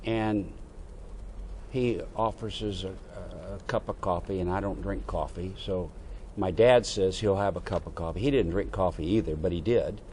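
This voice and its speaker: Older guy, kinda low voice, telling an old navy story, bit of room hiss. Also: normal speed. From United States. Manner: animated anecdote-telling with quoted dialogue. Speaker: veteran interviewee. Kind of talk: oral history storytelling.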